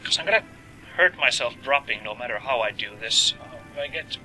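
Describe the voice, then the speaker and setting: A man's voice: mid-range voice, brisk, faint music behind, rough recording. A man commenting as he plays a video game, joking and talking to his viewers. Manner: joking, lively, talks to viewers. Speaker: let's play host. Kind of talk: gameplay commentary.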